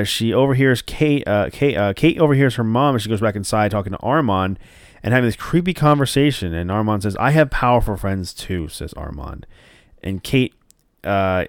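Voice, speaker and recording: A man's voice: lowish voice, animated, moderate pace, clear, resonant tone, dry recording, clean studio sound. A man casually recapping a TV episode, rambling with lots of fillers and restarts and swearing now and then. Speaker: show recapper.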